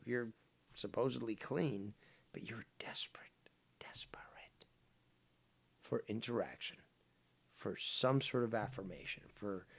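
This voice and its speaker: A man hosting a drama commentary, sarcastic and cutting, alternating low muttering with sharp outbursts. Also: vocal fry. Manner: sarcastic, dropping to a mutter then flaring up.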